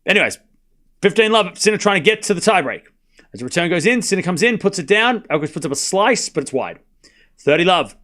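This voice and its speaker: Man, high-pitched voice, live tennis stream commentary, casual, chatty with viewers, late night. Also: animated, a bit bright. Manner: chatty, banters with viewers, quick score calls. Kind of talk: casual play-by-play commentary and chat replies.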